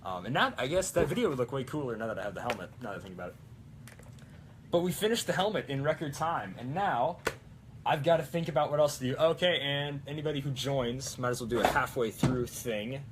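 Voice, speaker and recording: A man's voice: medium pitch, lively intonation, fairly quick, background noise. A man in casual stream chat, with a middling voice that wanders from thought to thought. He corrects himself often and slips in little jokes. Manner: rambling, self-correcting and jokey. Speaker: cosplayer streamer.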